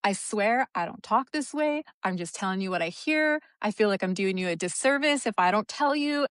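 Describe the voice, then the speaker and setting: A woman guest who works as a psychic medium chats easily, often laughing between phrases. Her voice sits in a middle pitch. It sounds close and dry. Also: animated, normal speed, fairly bright tone, clear, resonant tone, no echo. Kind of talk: casual chat.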